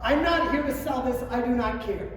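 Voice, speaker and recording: A man's voice: very high-pitched, moderate pace, slight background noise. Man speaking in a roomy hall. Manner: storytelling, acting out quotes, swings from quiet to shouting. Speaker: coach clinic speaker. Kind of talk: motivational speech to coaches. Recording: roomy hall, distant mic, faint ambience.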